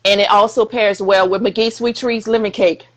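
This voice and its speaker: A woman's voice: medium pitch, fairly even intonation, normal speed, a little hiss or hum, poor audio. A woman co-hosting a casual live-stream chat, playful and colloquial, talking over a video call. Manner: playful, plugs her bakery, colloquial. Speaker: co-host, relationship coach.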